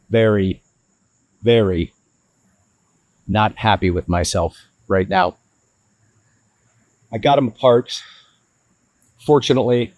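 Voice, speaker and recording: A man vlogging his van build to the camera, frustrated and hard on himself, with halting restarts. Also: mid-range voice, darkish tone, no room sound, poor audio. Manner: frustrated, self-critical, talks in restarts. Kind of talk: casual DIY vlog talk to camera.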